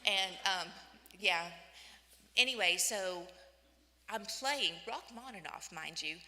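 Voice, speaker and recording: A woman in her fifties giving an inspirational church talk, telling personal stories in an animated way and acting out the voices she quotes. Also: medium pitch, takes it slowly. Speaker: women's day church speaker. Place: church hall. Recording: echoey church hall.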